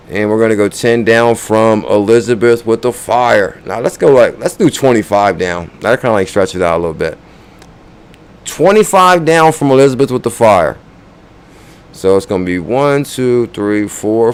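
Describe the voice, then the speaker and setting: Speaking in a lowish, clean-toned voice, a man runs a crypto channel livestream, chatting loosely with viewers. He counts down names and urges people to like and comment.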